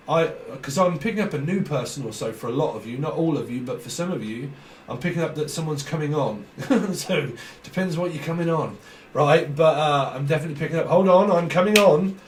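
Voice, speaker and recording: Rambling British man reading tarot. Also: a little high. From Britain. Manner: rambling, stream-of-consciousness, laughs often. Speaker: tarot reader. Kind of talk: casual tarot reading monologue. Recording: roomy echo, slightly distant mic, faint noise.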